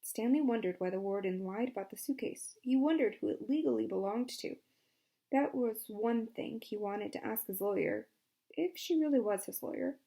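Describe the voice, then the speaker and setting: Reading a novel aloud for an audiobook, this woman speaks at a normal pace in a gravelly voice with lively intonation. Each character gets a distinct voice as she varies her pitch and volume.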